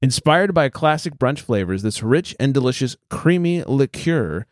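A man's voice: mid-range voice, lively intonation, normal speed, dry recording, studio quality. A man hosting a casual podcast, reading beer news headlines aloud and joking about them. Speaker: podcast host.

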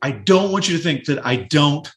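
A man hosting a movie podcast, chatting excitedly and speaking directly to his listeners. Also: on the high side, moderate pace, heavy background noise. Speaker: podcast host. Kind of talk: casual podcast chat.

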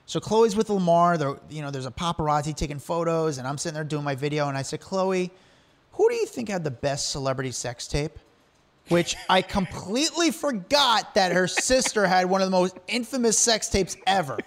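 A man's voice: high voice, very animated, moderate pace, a bit bright. A man telling stories in a casual chat, acting out the lines he quotes and laughing often.

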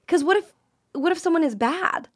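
A woman hosting a comedic podcast, chatting casually and asking curious, quick questions. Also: very high-pitched, expressive. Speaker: podcast host. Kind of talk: casual chat.

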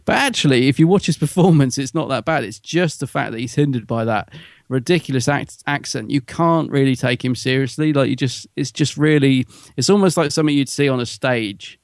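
Gravelly man, dry sound. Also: medium pitch, a little fast, no echo. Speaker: podcast co-host. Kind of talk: casual review chat.

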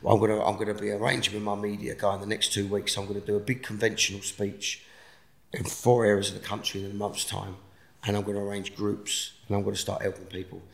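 A man speaking as a podcast guest, earnest and forceful as he talks about helping others. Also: on the low side, completely flat delivery, fast talker, creaky. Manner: earnest, forceful motivational talk. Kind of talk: casual interview chat. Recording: roomy echo.

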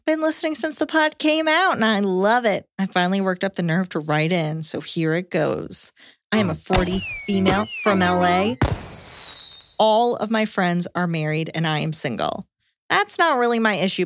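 A woman co-hosting a podcast, reading a listener's letter aloud in a calm, even way. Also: mid-range voice, moderate pace, no room sound. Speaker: podcast co-host.

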